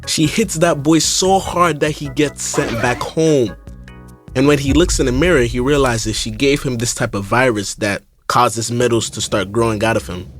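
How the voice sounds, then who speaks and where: Young guy, mid-pitch, slang-heavy comic recap over soft music. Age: young adult. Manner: slangy, animated, keeps saying bro. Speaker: YouTuber. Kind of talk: comedic movie reaction commentary.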